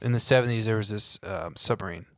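A man hosting a casual podcast, teasing his guest and swearing casually, excitable about theories. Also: on the low side, quick pace, clear, resonant tone, no echo, clean studio sound. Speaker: podcast host. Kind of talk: casual chat.

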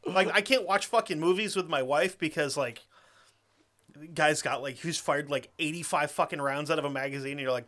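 This young podcast co-host curses freely, rants quickly, and laughs a lot before reading a story aloud. His voice is high-ish, animated, bright, and forceful.

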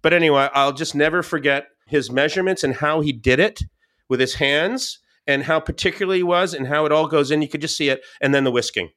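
A man, a podcast guest, telling stories in a casual, animated way, with many restarts. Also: fairly high pitch, brisk. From Scottish and English family. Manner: animated, quotes people in raised voices, many restarts. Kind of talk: casual storytelling.

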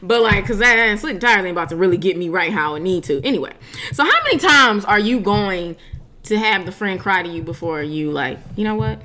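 A woman's voice: mid-range voice, brisk. A young woman co-hosting a casual chat with her roommate, telling stories and acting out her friends' lines. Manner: animated storytelling, acts out quoted friends. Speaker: podcast co-host.

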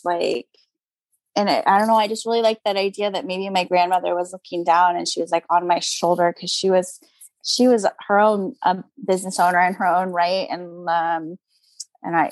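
A woman's voice: fairly low pitch, no room sound. Chatty woman with a dry, close sound. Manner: chatty, upbeat, lots of "like" and "you know" fillers, frequent laughs. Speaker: guest, crystal seller. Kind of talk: casual interview chat.

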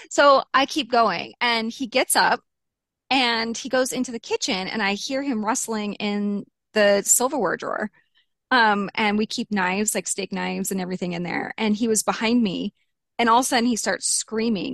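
A woman's voice: medium pitch, normal speed, fairly bright tone, no echo. Candid woman recounting, dry close sound. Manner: candid, emotional retelling with blunt swearing and quoted asides. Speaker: interviewee. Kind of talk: personal account in an interview.

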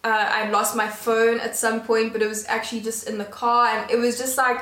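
A young woman, talking casually as a podcast co-host, chatty and expressive. Her voice sits somewhat high, and the room is echoey. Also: moderate pace. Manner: chatty, expressive reactions, frequent "literally". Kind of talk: casual conversational chat.

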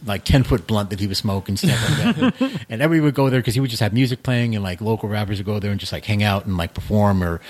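A man in his thirties, a guest in a casual podcast chat, talking in a relaxed, rambling way with many fillers. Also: on the low side. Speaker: guest, comic creator.

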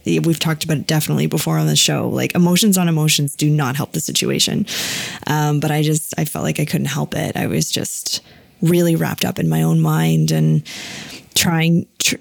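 A woman's voice: low voice, gravelly, darkish tone, dry recording. A woman hosting a podcast, talking candidly and emotionally in a rambling way, full of fillers and restarts. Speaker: podcast host. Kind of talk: personal, candid podcast talk.

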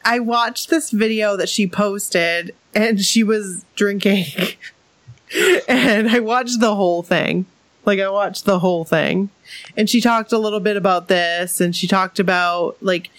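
A woman's voice: mid-range voice, fairly bright tone, no room sound. An enthusiastic woman from New England co-hosts a casual podcast, reading a listener's letter aloud and breaking off to laugh and chat. Her voice sits in a middle register, and the recording is dry and close, with no room sound.

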